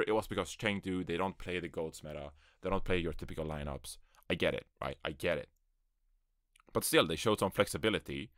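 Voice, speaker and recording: The host's voice is low and a little bright, studio quality, with no room sound at all. He's alone in a small closet recording his first esports podcast on a USB microphone, meandering casually and adding self-deprecating remarks.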